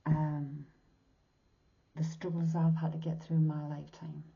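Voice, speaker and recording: A woman's voice: low-pitched, flat delivery, measured pace, vocal fry, a little hiss or hum. A woman in her sixties, working as a medium, gives a tarot reading in an earnest, heartfelt way and often drops to a whisper. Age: 60s. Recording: dull lo-fi recording.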